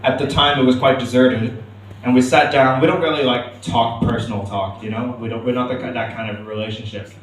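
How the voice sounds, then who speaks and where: A man's voice: medium pitch, fairly even intonation, a little fast, slight background noise. A young man doing open-mic stand-up in a club, rambling with self-deprecating asides. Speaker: stand-up comedian. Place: comedy club stage. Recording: echoey club room, mic from far.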